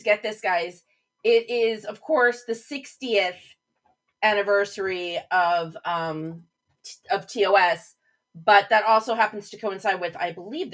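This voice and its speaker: A woman's voice: on the high side, fairly bright tone, poor audio. A woman chats loosely through her livestream. She rambles from topic to topic and breaks off to greet her viewers by name. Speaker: livestream host. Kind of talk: casual livestream chat.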